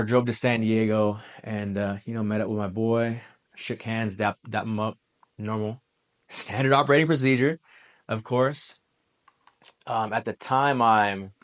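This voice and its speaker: A man in his twenties, a former Marine, telling a personal story in a relaxed, conversational way, full of military slang. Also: fairly low pitch, unhurried, long pauses. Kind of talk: casual storytelling monologue.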